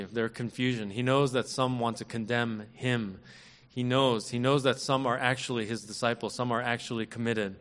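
A man preaching a sermon in an earnest, measured way, leaning on emphatic repetition. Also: mid-range voice, fairly bright tone. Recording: long hall reverb.

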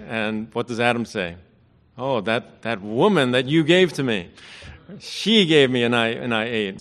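A man's voice: mid-range voice, fairly bright tone. A man leading a church service as pastor, praying and then preaching in a conversational, self-deprecating way. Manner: conversational, self-deprecating, acts out quoted voices. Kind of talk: sermon. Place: church sanctuary. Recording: hall reverb.

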